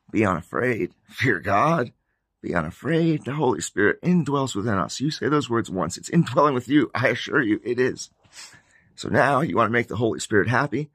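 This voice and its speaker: A man talking earnestly to his viewers in an informal religious vlog, rambling and getting sidetracked, moving between hushed confiding and loud, excited urging. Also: on the low side, vocal fry, slightly rough, no room sound. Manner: emotional swings from hushed to near shouting. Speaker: Christian vlogger.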